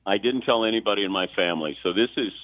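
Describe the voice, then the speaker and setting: A man from Ohio, a sportscaster calling into a radio show, telling a story in a lively way and acting out the voices of others. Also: fairly low pitch, quick pace, slight background noise. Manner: animated storyteller, acts out quotes. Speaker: sportscaster guest. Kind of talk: phone-in radio interview, storytelling. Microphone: phone. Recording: tinny phone line, dry.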